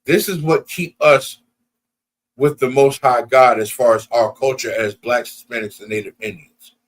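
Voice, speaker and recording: A man's voice: mid-range voice, steady tone, normal speed. A man preaching at a Sabbath service, often breaking in with "you understand?" and calling out to the congregation. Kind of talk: sermon and closing announcements.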